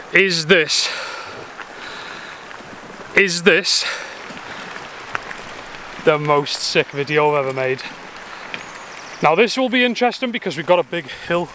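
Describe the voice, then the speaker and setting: A chatty man, talking to camera as he rides outdoors. His voice is bright and forceful, a bit high for a man. Faint noise sits behind him. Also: unhurried, pauses often, a faint crowd. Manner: chatty, talks to his dogs while cycling. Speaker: vlogger. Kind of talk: casual vlog to camera. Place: outdoors, cycling with a dog trailer.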